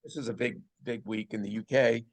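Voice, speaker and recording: Speaking a little fast in a steady, medium-pitched tone, a podcast host from Las Vegas chats casually about sports. He's playful and teasing, frequently putting on mock outrage.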